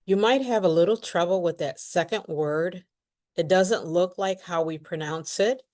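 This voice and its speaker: A woman's voice: on the low side, normal speed, darkish tone. A woman teaching English pronunciation, speaking carefully and repeating words for learners to copy. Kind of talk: pronunciation lesson.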